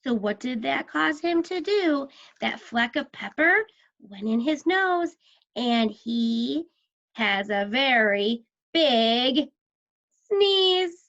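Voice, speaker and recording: A woman's voice: sits high, lively intonation, takes it slowly, fairly bright tone, lo-fi sound, slight background noise. A woman teacher guiding children through a story with patient questions.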